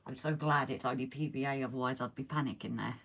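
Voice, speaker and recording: Low-voiced chatty woman, losing her voice. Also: steady tone, fast talker. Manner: chatty, talks while working, reads out viewer comments. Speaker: live stream host. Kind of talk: casual live stream chat while modelling. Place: indoors at a model railway layout.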